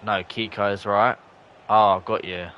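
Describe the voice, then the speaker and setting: A young man, streaming live, commenting on the match and chatting with viewers, breaking into shouts at close chances. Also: on the low side, little pitch movement, unhurried, muffled recording, a little hiss or hum. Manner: chatty, bursts into shouts at near misses. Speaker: gaming streamer. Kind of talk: live gameplay commentary and chat reading.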